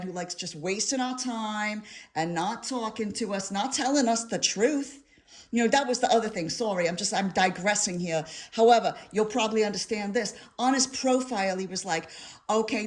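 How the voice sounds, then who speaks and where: A middle-aged woman with a New York accent giving a casual tarot reading, animated and rambling, swearing and breaking into asides. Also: mid-range voice. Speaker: tarot reader.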